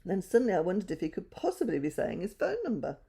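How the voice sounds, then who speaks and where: A woman's voice: mid-range voice, wildly swooping pitch, fast talker, creaky, warm tone, slightly rough, exaggerated voice. A woman voicing a helpful small boy who found the bird. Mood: eager.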